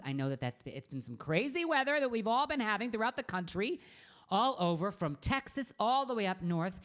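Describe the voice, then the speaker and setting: A middle-aged woman hosts her own live stream from a room at home. She chats in a bubbly, campy way, welcoming her viewers one by one. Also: mid-range voice. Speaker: singer hosting a live stream. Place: home room with a green screen.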